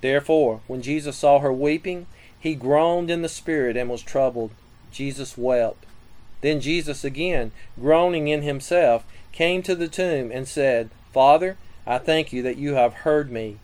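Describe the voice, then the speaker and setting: A man giving a scripted sermon teaching on prayer, reading scripture and listing numbered points in a measured way. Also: medium pitch, darkish tone, low-quality recording. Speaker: preacher.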